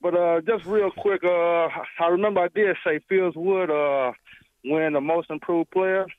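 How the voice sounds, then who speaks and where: A man from the Chicago area calling into a radio show, a little out of breath, talking casually and haltingly with many "uh"s. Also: high voice, steady tone, no echo. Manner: casual and halting, fills pauses with "uh". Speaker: radio caller. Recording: tinny phone line.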